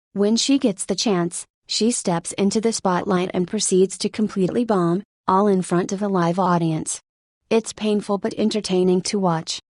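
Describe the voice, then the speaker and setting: A woman's voice: medium pitch, darkish tone, no room sound. Woman reading an audiobook, dry close mic. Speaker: audiobook narrator. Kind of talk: scripted nonfiction narration.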